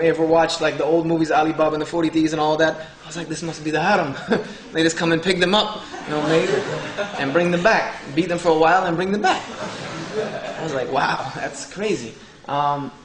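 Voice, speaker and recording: A Southern United States man with a slightly high, fairly bright voice shares a humorous personal story with an audience. He jokes and acts out others' dialogue, in an echoey hall with faint ambience.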